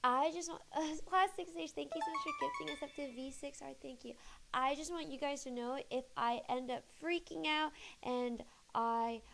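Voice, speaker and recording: A woman's voice: high voice, fairly even intonation, moderate pace, creaky, a bit bright, soft background music. A woman livestreamer chatting nervously with her viewers, thanking them as she talks. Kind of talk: casual livestream chat.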